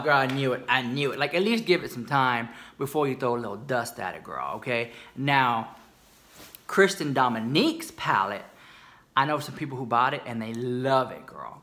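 A man's voice: mid-range voice, lively intonation, a little fast, a bit bright. A man gossiping sassily to camera about beauty news, chatty and dramatic, calling the viewer girl. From United States. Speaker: beauty commentary YouTuber. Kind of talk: casual gossip commentary to camera.

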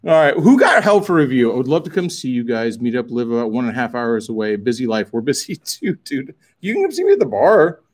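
A man co-hosting a casual livestream, loud and joking, reading out viewer messages and swearing a lot. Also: medium pitch, big pitch swings, fast, hardly any pauses. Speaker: livestream co-host.

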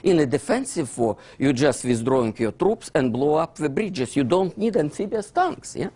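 Animated man lecturing in English. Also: fairly high pitch, moderate pace, husky. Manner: animated, theatrical, non-native English with broken grammar. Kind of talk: lecture with slides.

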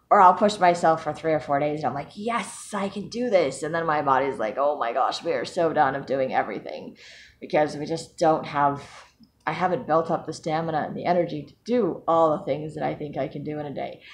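A woman's voice: low-pitched, slight background noise. A woman talking casually to camera in a personal vlog, chatty and self-mocking, laughing often. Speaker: vlogger.

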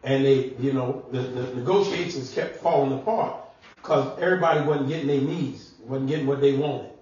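A man preaching a sermon as pastor, animated and conversational, sometimes shouting and laughing. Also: medium pitch, normal speed. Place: church sanctuary. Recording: echoey church room, mic at distance, dull sound.

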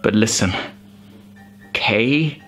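A man's voice: on the low side, very slow, fairly bright tone, soft background music, pitched below the performer's own voice. A man doing an impression of a frantic, pushy video reviewer who speaks urgently. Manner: urgent, insistent.

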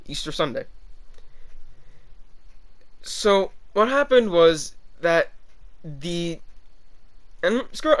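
A man talks through a history topic in a loose, unscripted way, his voice sitting a little high. He speaks slowly and keeps hedging and correcting himself mid-sentence. His tone stays offhand and irreverent throughout. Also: fairly bright tone. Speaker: history video creator. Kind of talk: casual unscripted history commentary.

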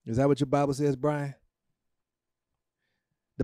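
A man preaching a sermon as pastor, emotional and emphatic, with dramatic pauses. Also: medium pitch, little pitch movement, mellow, dry recording, clean studio sound.

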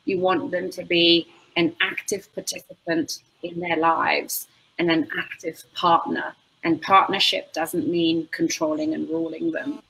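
A woman's voice: fairly low pitch, measured pace, vocal fry, slight background noise, low-quality recording. A woman, an animal communicator telling stories in conversation and acting out what clients say. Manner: expressive, acts out quoted clients. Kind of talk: conversational storytelling.

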